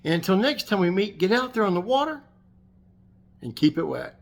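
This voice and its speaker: A man's voice: high-pitched, very animated, normal speed, vocal fry, slight background noise. A man hosting his fishing channel, delivering a sarcastic, combative rant and telling a story. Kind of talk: ranting vlog monologue and anecdote.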